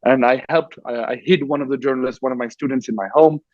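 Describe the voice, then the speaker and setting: A man's voice: mid-range voice, steady tone, quick pace, a little mellow, no room sound, highs cut off. A man who grew up in Dubai, an author and war correspondent, telling his story on a festival panel with frequent restarts. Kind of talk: panel discussion.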